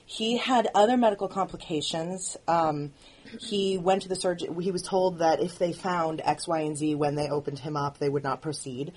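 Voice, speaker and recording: Husky-voiced woman, earnest and halting. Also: sits low, fairly even intonation, darkish tone. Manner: earnest, halting, frequent restarts. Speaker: writer and producer of the show. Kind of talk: candid audio commentary.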